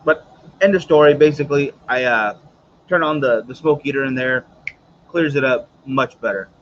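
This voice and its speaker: A man's voice: mid-range voice, normal speed, fairly bright tone, dull audio, slight background noise. A man hosting a casual cigar livestream, chatty and rambling, with many fillers and asides to his viewers. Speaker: host of a cigar morning show.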